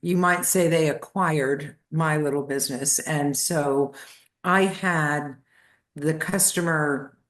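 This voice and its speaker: An older woman in her seventies, a guest on a podcast, recounts memories with lively storytelling energy. Her voice sits slightly low and she slips into little voices for the family members she quotes. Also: slow. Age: 70s.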